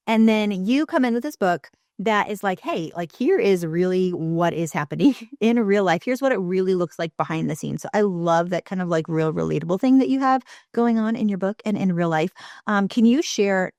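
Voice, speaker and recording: A woman hosts a casual podcast interview, chatting easily and filling her talk with likes and ums. Her voice sits a little low for a woman. The recording is close and dry. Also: a little fast, no echo. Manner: chatty and relaxed, many fillers. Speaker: podcast host.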